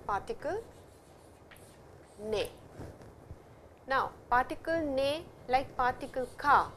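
A middle-aged woman with an Indian English accent giving a patient, explanatory classroom lecture, repeating terms slowly. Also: fairly high pitch, a bit bright, slight background noise. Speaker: Japanese language teacher.

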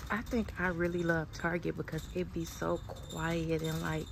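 In a casual vlog recorded on a handheld phone, a woman with a low, fairly flat voice addresses her viewers as "y'all" while walking around a big store. She's chatty and speaks at a moderate pace. Clear background noise comes through the phone audio.

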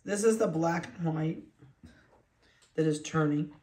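A talkative dog breeder chats easily while handling puppies, now and then slipping into cooing baby talk. The mid-pitched voice has a darkish tone and a measured pace, and the audio echoes roomily, like an indoor kennel room.

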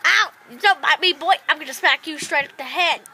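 A woman's voice: sits high, a little fast, bright, forceful tone, full character voice. Cocky talking cat, as a woman puts it on.

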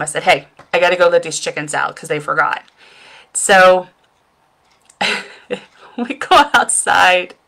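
A woman's voice: on the low side, fairly bright tone. A middle-aged woman chatting at home in front of her webcam, telling a rambling, self-deprecating story and laughing at herself. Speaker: makeup seller and vlogger. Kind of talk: casual storytelling vlog.

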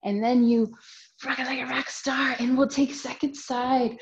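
A young woman teaching a children's yoga class speaks slowly in a fairly high, gentle, sing-song voice, encouraging the kids through each pose. The audio is dull and lo-fi, captured on a camera mic like a home recording.

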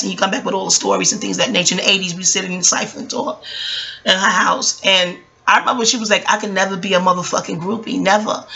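A woman's voice: mid-range voice, pushed and bright. A woman in her forties ranting on a vlog, passionate and swearing, rambling between jokes and asides. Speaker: vlogger. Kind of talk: profane commentary rant.

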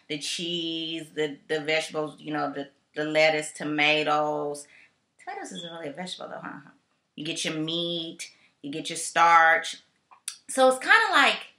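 A woman's voice: lowish voice, bright, forceful tone. Chatty woman vlogger, echoey room. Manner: chatty and playful, with slang asides. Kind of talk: casual chat. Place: home in California.

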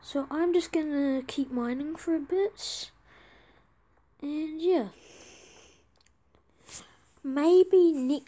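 Excitable high-voiced woman gaming commentator. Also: takes it slowly, long pauses. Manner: excitable, chatty, pleading for trades. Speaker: gaming video creator. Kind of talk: casual let's-play commentary.

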